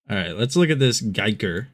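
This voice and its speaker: A young adult man hosting a live shopping stream, chatting casually and rambling with lots of restarts. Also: fairly low pitch. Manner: laughs often and rambles with restarts. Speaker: livestream shopping host.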